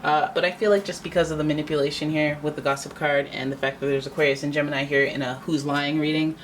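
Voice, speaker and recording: This tarot reading comes from a woman whose voice sits low and stays steady as she talks fast. The audio is poor, with a little hiss or hum, and her casual, chatty style turns dramatic as she acts out what people might say.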